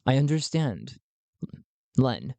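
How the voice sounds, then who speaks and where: A man voicing a calm male diplomat who speaks slowly and formally in a lower voice. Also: vocal fry, dry recording, full character voice. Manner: measured, formal, deep and slow.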